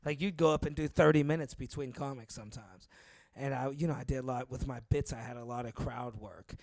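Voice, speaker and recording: A man's voice: mid-range voice, a little fast, darkish tone, no room sound. A man, a stand-up comedian hosting the show, chatting casually and backing his guest with short replies. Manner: chatty, backs the other speaker with short replies. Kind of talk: casual chat.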